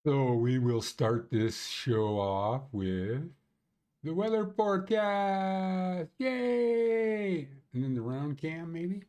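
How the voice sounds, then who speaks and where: A man's voice: on the high side, darkish tone. A man hosting a ski conditions livestream, rambling and joking as he thinks aloud. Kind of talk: casual livestream chat.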